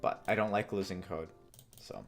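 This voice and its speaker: A man's voice: low-pitched, big pitch swings, moderate pace, gravelly, soft background music. A man live-streaming as he codes, rambling and joking as he thinks aloud. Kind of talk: casual live-coding stream.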